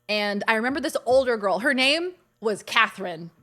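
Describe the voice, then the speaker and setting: This young adult streamer's voice is on the high side, expressive and fairly bright, moving at normal speed. She chats in a bubbly way while hosting her casual live game stream, gushing when she greets viewers.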